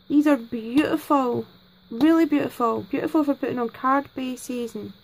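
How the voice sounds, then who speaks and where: This craft vlogger has a high-pitched voice with vocal fry and a somewhat dark tone, speaking at normal speed on a low-quality recording. Seated at her home craft desk, she opens her gifts and thanks everyone profusely, exclaiming constantly.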